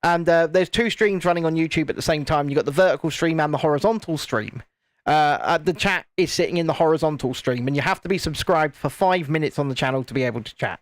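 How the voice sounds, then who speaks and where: A man's voice: a little high, fast talker, no echo. A man with a Northern English accent hosting a live stream, bantering and reading out viewer comments in casual chat. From Northern England.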